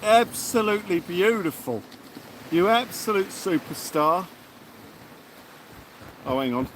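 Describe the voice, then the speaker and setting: A man's voice: sits high, expressive, slow. A man live-streaming his night beach fishing, chatting casually and thanking viewers as he watches his rods. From England. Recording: noisy outdoor beach recording.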